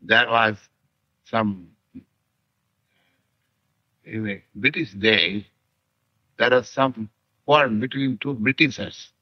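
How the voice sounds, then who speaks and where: An older man from India with an Indian accent lectures on scripture in slow, deliberate phrases full of pauses, on an archival 1960s lecture tape. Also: fairly low pitch, no room sound, highs cut off. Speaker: spiritual teacher.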